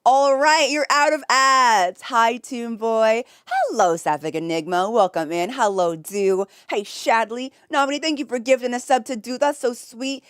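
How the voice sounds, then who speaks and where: A woman's voice: a little high, lively intonation, measured pace, few pauses, fairly bright tone, smooth, no echo, studio quality. A woman streamer chatting casually and greeting her chat from her home office, giggly and effusive. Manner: giggly and effusive, with frequent laughs.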